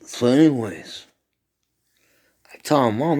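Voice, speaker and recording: Casual male storyteller: deep voice, profane, animated, rambling. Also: unhurried. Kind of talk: casual retelling of a dream.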